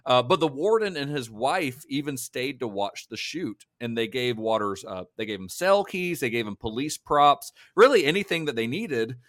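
A man at mid pitch tells film trivia on a casual podcast. He speaks in a chatty, laughing way with many fillers. The mic is close and dry. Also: very animated, normal speed, few pauses, a bit bright, no room sound. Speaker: podcast co-host.

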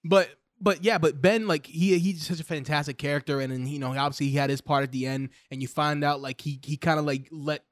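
A young man in casual podcast chat, excited and profane, rambling with lots of "like"s. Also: a little high, a little fast, hardly any pauses, dry recording, studio quality. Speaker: podcast co-host. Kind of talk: casual chat reviewing a show.

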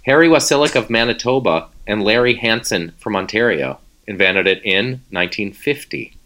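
A man with a fairly low, expressive voice and a sharp tone speaks at a moderate pace. Co-hosting a casual chat, he plays a teasing quizmaster, playfully firing trivia questions at his partner.

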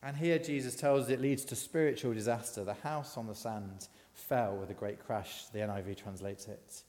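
A man's voice: fairly low pitch, normal speed, darkish tone, big-room sound. A man giving a conversational sermon, asking the congregation questions as he goes. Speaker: preacher. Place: church.

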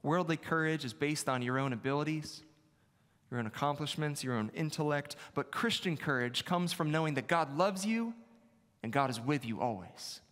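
A man's voice: on the high side, expressive, normal speed, fairly bright tone. A male pastor preaching a sermon in a conversational, self-deprecating way, repeating his key phrases. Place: church sanctuary. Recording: long reverb of a large hall.

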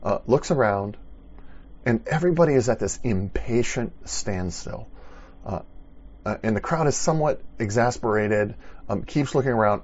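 Preacher guy telling the story, husky low voice, kinda muffled recording. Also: moderate pace. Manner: animated storytelling, with frequent restarts. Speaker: pastor. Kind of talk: sermon.

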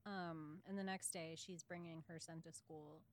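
A woman co-hosting a podcast in casual chat, animated and acting out movie lines in quoted voices. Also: low-pitched, moderate pace. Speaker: podcast co-host.

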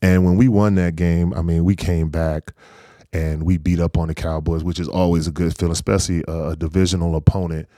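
A man in his forties from North Carolina, a former pro football player, recalls old games in an easygoing way. His voice is deep and the sound is close and dry. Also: a little fast, no room sound. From North Carolina, USA. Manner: easygoing, animated anecdotes with frequent laughs. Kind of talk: casual storytelling interview.

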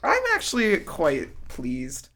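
A young woman chatting casually, telling an animated story and acting out the lines she quotes. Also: low voice, takes it slowly. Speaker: co-host. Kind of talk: casual chat.

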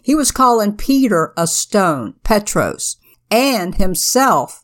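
A woman co-hosting a Bible podcast, explaining scripture in a measured, earnest way. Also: mid-range voice, big pitch swings, a bit bright. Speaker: podcast co-host. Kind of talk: slow, earnest Bible teaching.

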